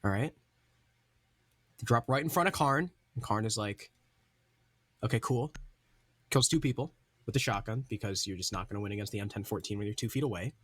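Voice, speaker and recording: A man's voice: fairly low pitch, quick pace, fairly bright tone. A man giving casual color commentary on an esports match, breaking down plays. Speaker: esports caster. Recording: noisy broadcast with game sounds.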